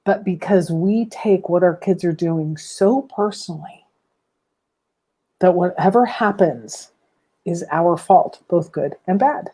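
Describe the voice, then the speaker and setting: A woman with a lower, mellow voice answers interview questions as a coach for parents and kids. She talks in a lively way and acts out the advice she gives. Her tone is warm rather than bright. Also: slow pace. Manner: animated, acts out her own quoted advice.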